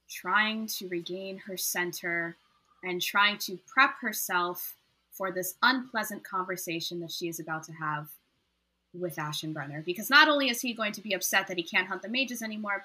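A woman narrating her character's actions in a measured, descriptive way. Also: mid-range voice, pushed and bright, slightly rough, rough recording. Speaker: player.

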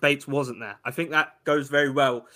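Bright-toned man. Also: mid-range voice, fairly even intonation, normal speed. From Wales. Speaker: podcaster guest. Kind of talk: casual sports talk.

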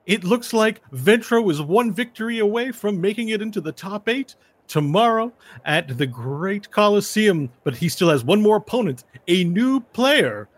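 A man voicing an excited male tournament announcer in a tabletop game, with hyped, sing-song commentary. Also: high-pitched, normal speed, dry recording, pitched above the performer's own voice.

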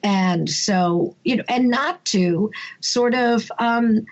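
A middle-aged woman with a New York accent, a podcast guest telling lively stories in a casual interview, bursting into high pitch and laughing often. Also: takes it slowly, highs cut off. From United States, Brooklyn and Long Island. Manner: animated, jumps to high pitch for quoted voices, laughs often. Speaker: author and humorist, podcast guest.

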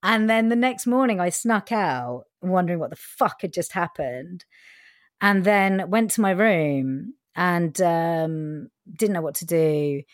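A woman's voice: fairly low pitch, lively intonation, slow pace, no room sound, studio quality. A woman from England, telling her own story frankly in an interview, with plenty of fillers and the odd swear word. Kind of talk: candid personal storytelling.

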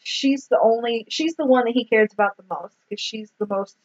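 A woman's voice: fairly high pitch, normal speed. A woman recapping a movie in casual chat, swearing freely and quoting scenes. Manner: swears freely, retells scenes with acted quotes. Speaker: podcast co-host. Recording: dull lo-fi sound.

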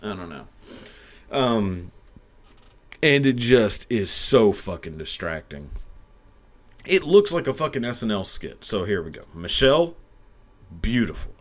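Low-voiced man on a crude, rambling rant. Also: sing-song, unhurried, pauses often. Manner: profane, rambling, laughing often. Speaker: video commentator. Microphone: camera mic.

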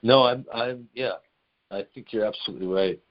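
A man hosting a podcast, telling a story in a loose, animated way, swearing often and laughing mid-sentence, on a dull lo-fi recording. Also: medium pitch, brisk. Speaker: podcast host. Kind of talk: casual storytelling chat.

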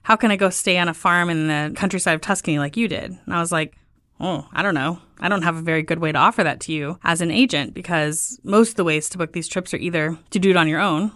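A woman's voice: dry recording, clean studio sound. A woman talking as a guest in an interview, telling her story in a casual way and acting out the questions people asked her with lifts in her voice. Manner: lively, acts out quoted questions with lifts in pitch. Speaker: guest, travel tour founder.

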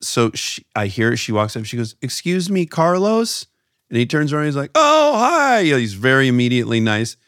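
A middle-aged man hosts a podcast and tells a story in casual chat, animatedly acting out the voices of the people involved. His mid-range voice is clear and resonant, and he talks quickly with few pauses, in a clean studio recording with no room sound.

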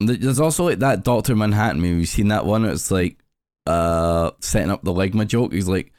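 A man co-hosting a casual podcast chat, telling jokes in a deadpan, halting way. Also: low-pitched, no room sound, clean studio sound. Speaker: podcast co-host.

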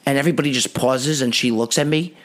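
A man hosting a podcast, telling a funny story in an animated, rambling, wry way. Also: mid-range voice, fast talker. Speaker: podcast host. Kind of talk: comedic storytelling monologue.

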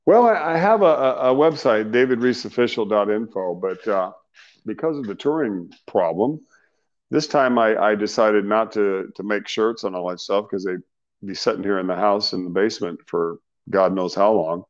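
A middle-aged man, a singer, being interviewed, telling stories in a loose, animated way with slang and laughs. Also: fairly low pitch, normal speed, highs cut off. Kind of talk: casual storytelling interview.

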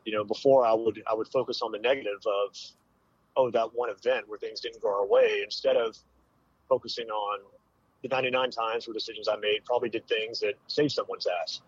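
A man in his forties, a military veteran, telling a hard personal story with candid, halting speech and many fillers. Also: on the low side, fairly even intonation, slightly rough, no echo, dull audio. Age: 40s.

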